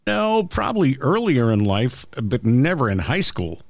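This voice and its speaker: A man's voice: mid-range voice, very animated, unhurried, vocal fry, no echo, clean studio sound. A man co-hosting a casual podcast, easygoing and playful. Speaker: podcast co-host. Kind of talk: casual chat.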